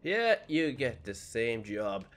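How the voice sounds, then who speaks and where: A man's voice: medium pitch, very animated, slow pace. A man talking through a game in a casual, joking let's-play style, swinging his voice up and down as he reacts. He slips into whispers when sneaking. Recorded on a desk microphone at home. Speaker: gameplay commentator.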